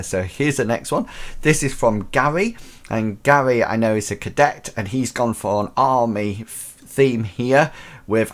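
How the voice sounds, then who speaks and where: Chatty enthusiastic male show host. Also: fairly low pitch. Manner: chatty, enthusiastic, full of fillers and restarts. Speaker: host of a teacher-training live show. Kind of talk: casual live show commentary.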